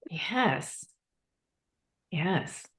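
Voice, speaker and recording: Canadian woman host, low voice, bubbly, playful, effusive. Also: big pitch swings, drawn-out words, a bit bright. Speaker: podcast host. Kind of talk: casual interview chat.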